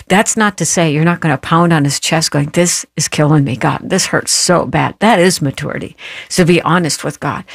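Woman, radio host, devotional message. Gravelly voice, earnest and emotional, slow and emphatic. Dry, close recording. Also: sits low, no room sound. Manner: earnest, emotional personal storytelling.

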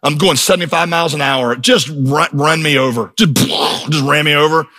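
A man's voice: a little high, fairly quick, bright, forceful tone. A middle-aged man preaching a sermon in a church, emphatic and storytelling, building to intense peaks. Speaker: pastor.

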